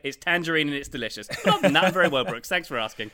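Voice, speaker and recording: A man's voice: on the high side, lively intonation, very fast, few pauses, sharp tone. A man co-hosting a casual podcast, playful and jokingly mock-indignant. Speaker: podcast co-host.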